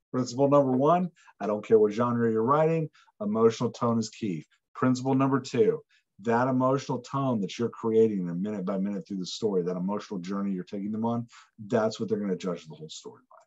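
A man hosting a solo podcast, explaining writing craft in an animated, emphatic way with playful asides. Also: on the low side, husky, lo-fi sound. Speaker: podcast host.

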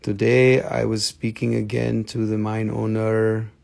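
A man's voice: fairly low pitch, completely flat delivery, a little slow, gravelly, a little mellow. A man hosting a live crystal sales stream, joking around and switching into playful broken-English banter.

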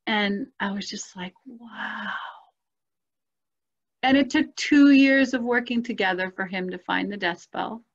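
A woman telling her own life story in a casual conversation, animated and expressive, acting out the voices she quotes and laughing often. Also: medium pitch, a little slow. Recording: dull lo-fi sound.

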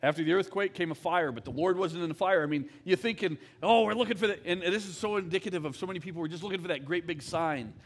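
A man's voice: fairly high pitch, fast, hardly any pauses. A man, an executive pastor, preaching a conversational, candid sermon in church and often checking in with the crowd. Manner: conversational, candid, often asks "all right?".

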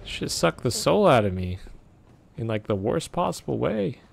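A man's voice: mid-range voice, sing-song, normal speed, vocal fry, slight background noise. A young man streaming a game, reacting with profane jokes and sudden yelps. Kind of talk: gameplay commentary.

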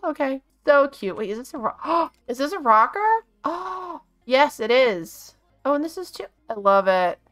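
Excitable lady gushing over her game, high voice that bounces up and down. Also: unhurried, few pauses. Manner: gushing, excitable, gasps and laughs often. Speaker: gaming channel host. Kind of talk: casual game commentary.

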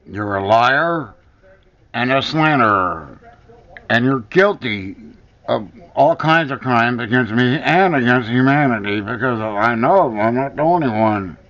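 On a dull lo-fi recording, a man vlogs an angry, profane rant straight to the camera, driving home the same accusations over and over. He takes it slowly with long pauses, his mid-range voice expressive and fairly bright.

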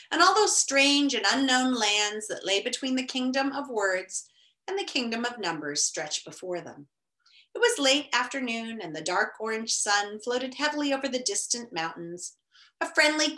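A woman teacher reading a novel aloud to students, expressive, with chatty asides. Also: on the high side. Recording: roomy echo.

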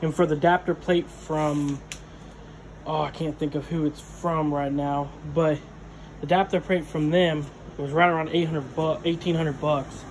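A man's voice: fairly high pitch, flat delivery, normal speed, a little hiss or hum. A man narrating casually while he works on a vehicle in his home garage, rambling with lots of fillers and sometimes out of breath. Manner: rambling, filler-heavy, talks while wrenching. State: out of breath at times. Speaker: garage vlogger. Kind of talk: casual work-along narration.

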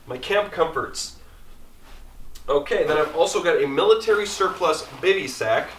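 A man's voice: fairly high pitch, expressive, moderate pace, fairly bright tone, roomy sound, far from the mic, slight background noise. A man casually rambling through his camping gear in an easygoing, chatty way as an outdoor vlogger.

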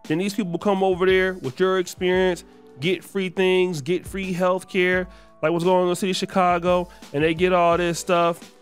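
A man with a notably high-pitched voice delivers a heated commentary rant, repeating his lines for emphasis. Soft music plays faintly under his voice. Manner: heated, ranting, repetitive emphasis. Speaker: commentary channel host. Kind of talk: opinion commentary monologue.

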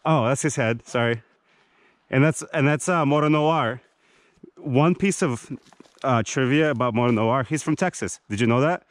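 A man's voice: mid-range voice, moderate pace, dry recording. A man hosting a casual camping vlog in a forest, teasing his friends and talking in a rambling, joking way. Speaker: vlogger. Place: outdoors in a forest campsite.

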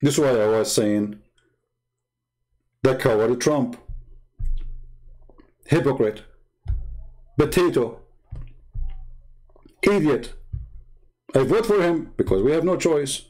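A man's voice: medium pitch, lively intonation, takes it slowly, pauses often, darkish tone, rough recording. A man hosting a live broadcast, ranting about politics in a blunt, mocking way with broken non-native grammar. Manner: mocking, blunt, name-calling. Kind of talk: political rant on a live stream.

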